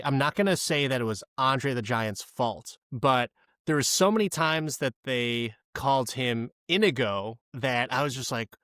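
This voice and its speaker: A man's voice: medium pitch, dry recording, studio quality. Rambling, swearing male podcast co-host. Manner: rambling, swears freely, animated rants. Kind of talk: casual movie-review chat.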